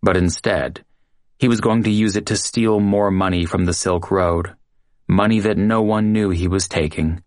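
Man, audiobook narrator, low voice, measured dramatic reading, dry close sound. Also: steady tone, a little mellow, dry recording. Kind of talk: scripted true-crime narration.

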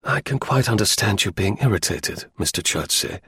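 A man reading the part of a stern, cool intelligence chief, measured, formal and curt. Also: lowish voice, lively intonation, bright, forceful tone, husky, no echo, clean studio sound, exaggerated voice.

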